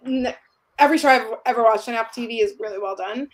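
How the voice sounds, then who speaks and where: A woman co-hosting a podcast, chatting quickly and casually with many filler words. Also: a little high. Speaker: podcast co-host. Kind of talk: casual chat.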